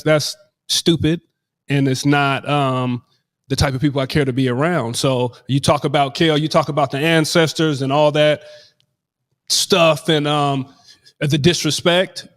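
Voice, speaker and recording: A man co-hosting a podcast in casual discussion, talking earnestly and emphatically with halting restarts and fillers. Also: medium pitch. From US West Coast. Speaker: podcast co-host.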